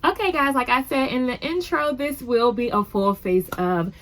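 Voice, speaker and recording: A woman's voice: a little high, normal speed, fairly bright tone, faint music behind. A woman hosting a casual makeup tutorial at home, chatty and upbeat, rambling a little with fillers as she talks to the camera. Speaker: beauty vlogger.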